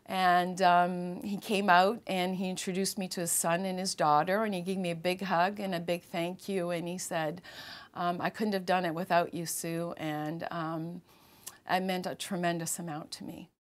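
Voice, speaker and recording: A woman's voice: lowish voice, little pitch movement, normal speed. A woman nurse telling an anecdote in an interview, acting out the quoted dialogue.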